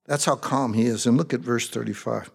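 A man's voice: medium pitch, steady tone, a little fast, vocal fry, husky. A man preaching a conversational sermon, reading Bible verses and then retelling them in plain everyday words. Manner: reads verses, then paraphrases them in plain modern talk. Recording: long reverb of a large hall.

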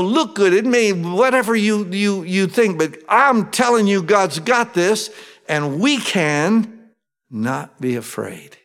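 Man preaching in a reverberant hall. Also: high-pitched. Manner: conversational, swings between emphatic and hushed. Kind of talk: sermon, reading and explaining scripture. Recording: long reverb of a large hall.

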